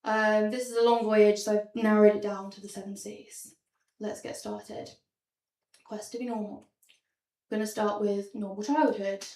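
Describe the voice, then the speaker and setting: A woman's voice: mid-range voice, little pitch movement, moderate pace, a little mellow. A young woman doing stand-up comedy in a small theatre, wry and self-deprecating, with a lot of ums. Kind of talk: stand-up comedy show with slides. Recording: roomy sound from a distance.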